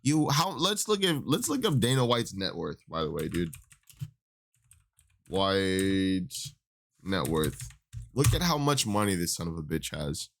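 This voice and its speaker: A man's voice: low-pitched, lively intonation, unhurried, long pauses, a bit bright, slight background noise. Profane, exasperated young man ranting. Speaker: MMA commentator. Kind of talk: casual opinion rant.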